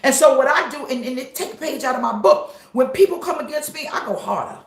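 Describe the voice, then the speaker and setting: A woman pastor preaching a live-streamed sermon, emphatic and repetitive, sometimes breaking into shouts. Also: high-pitched, animated, fast, reverberant.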